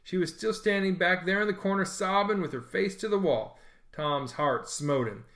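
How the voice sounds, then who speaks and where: A man's voice: sits high, moderate pace, a bit bright. Man reading a story aloud. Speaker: narrator.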